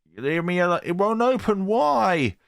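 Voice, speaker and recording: A man's voice: high-pitched, sing-song, moderate pace, vocal fry, a bit bright, clear, resonant tone, no room sound, clean studio sound, pitched above the performer's own voice, exaggerated voice. A man voicing a timid, heartbroken teenage schoolgirl in a raised, pleading voice. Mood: frightened.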